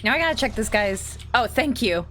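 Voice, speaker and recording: A woman's voice: on the high side, animated, brisk, a bit bright, slight background noise. A woman streamer giving casual, playful commentary while playing a horror game, reading lines aloud and talking to her chat.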